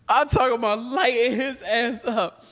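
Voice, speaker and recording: A man hosting a candid talk, telling personal stories full of swearing and laughter, then turning quiet and reflective. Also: very high voice, slow. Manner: profane, laughs often while telling stories; turns quiet and reflective when serious. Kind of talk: candid storytelling conversation. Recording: long hall reverb.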